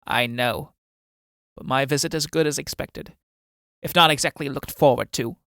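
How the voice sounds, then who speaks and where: A man playing a scheming old man on crutches, speaking in a low, menacing and commanding way. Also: normal speed, vocal fry, fairly bright tone, dry recording, clean studio sound. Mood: cold.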